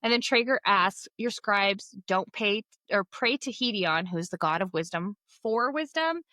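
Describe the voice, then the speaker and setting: A woman's voice: mid-range voice, lively intonation, a little slow, pushed and bright, dry recording. Giggly woman podcast co-host. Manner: giggly, self-deprecating, stumbles over words. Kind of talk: casual book-club chat.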